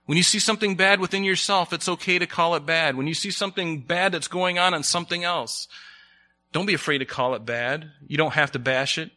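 A man's voice: a little high, steady tone, brisk, bright, forceful tone. A man preaching a sermon in a conversational way, often asking the congregation questions.

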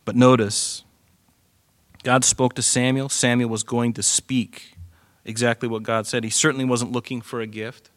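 Animated male preacher, dry sound. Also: mid-range voice, moderate pace, dry recording. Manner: animated preaching, swings from loud to hushed. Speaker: pastor. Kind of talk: sermon.

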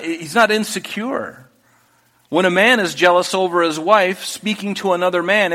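A man's voice: high voice, pushed and bright. A man preaching a sermon as a pastor, earnest and conversational, with restarts and asides. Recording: long hall reverb.

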